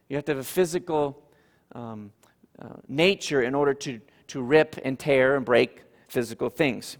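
A man's voice: fairly high pitch, gravelly, big-room sound. A man preaching a sermon as pastor, teaching earnestly and repeating points for emphasis.

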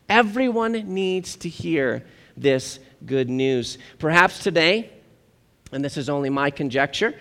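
A man preaching a sermon as pastor, lively and animated, acting out quotes of the people he talks about. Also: a little high, creaky. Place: church sanctuary. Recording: church hall with long reverb.

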